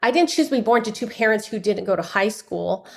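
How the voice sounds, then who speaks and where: A woman from San Francisco, a guest author, telling her personal story in a podcast interview with lively delivery and frequent restarts. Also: medium pitch, fairly quick, gravelly. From United States (San Francisco). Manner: animated, acts out dialogue, frequent restarts.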